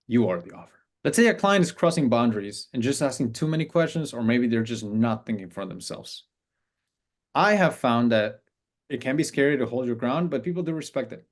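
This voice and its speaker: A man coaching on client business in a casual, conversational talk, acting out sample messages. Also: medium pitch.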